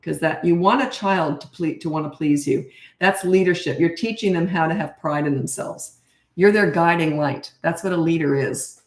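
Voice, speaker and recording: Speaking at a moderate pace in a lowish voice, this middle-aged woman coaches parents on a relaxed live stream. She's blunt and sure of herself, performing any lines of dialogue she quotes, and her room has a noticeable echo.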